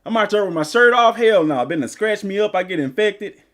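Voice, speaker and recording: A man's voice: high voice, expressive, fairly quick, a bit bright. A male gaming streamer chatting casually and rambling through stories while he plays. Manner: rambling, loose storytelling. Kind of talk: casual live-stream chat.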